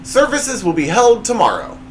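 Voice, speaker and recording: A man's voice: very animated, normal speed, over loud music. A man hosting his own comedy show, reading joke punchlines with playful swings in his voice. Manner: jokey, reads punchlines with big pitch swings. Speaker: show host. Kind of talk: comedy monologue.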